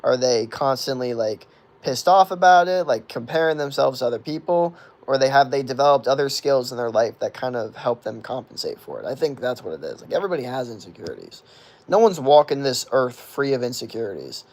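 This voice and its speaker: A man's voice: medium pitch, animated, fairly quick. A man in his twenties rambling through chat questions on a livestream, swearing freely and leaning on "like" and "you know" as fillers. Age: 20s. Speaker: streamer answering chat questions.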